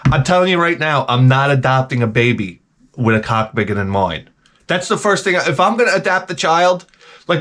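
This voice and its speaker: Man, fairly high voice, very animated pitch, profane comic rant, stammering restarts. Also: fairly quick. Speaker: video game channel host. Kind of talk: comedic rant.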